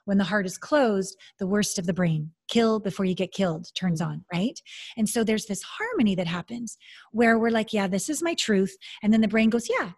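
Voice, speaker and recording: A woman's voice: mid-range voice, moderate pace, darkish tone, slightly rough. A woman hosting a casual conversation, talking with enthusiasm and acting out inner voices.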